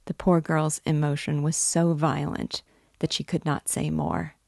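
A woman reads a novel aloud in a measured, unhurried way. Her voice is low and gravelly, and the pace is slow. The recording is close and dry. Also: level tone, a little mellow, no echo. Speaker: reader and guide.

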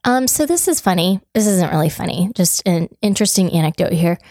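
A woman co-hosting a casual chat, sounding rough and croaky today, chatty and self-deprecating. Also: fairly low pitch, animated, a little fast, a little mellow, no echo, studio quality. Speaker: podcast co-host.

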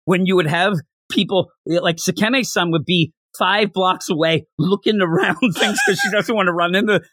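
A man hosting a casual anime review chat, acting out characters' lines in quick, animated bursts. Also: high-pitched, dry recording, studio quality. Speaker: anime review podcast host.

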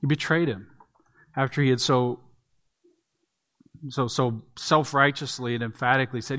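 A man giving a sermon from the pulpit, explaining a text verse by verse. He talks in a plain, conversational teaching manner and sometimes restarts a phrase, with a voice of ordinary middle pitch. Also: fairly even intonation, normal speed, long pauses, sharp tone. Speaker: pastor.

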